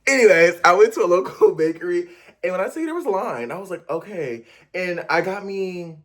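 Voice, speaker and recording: A man's voice: sits high, expressive, fairly quick. A young man from the United States, chatting casually and animatedly to camera in an unedited vlog, with lots of fillers and restarts. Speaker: vlogger.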